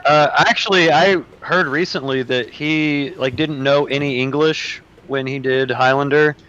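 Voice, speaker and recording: A man's voice: fairly high pitch, fairly even intonation, measured pace, fairly bright tone. A man making brief, offhand remarks in casual podcast banter. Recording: dull lo-fi mic.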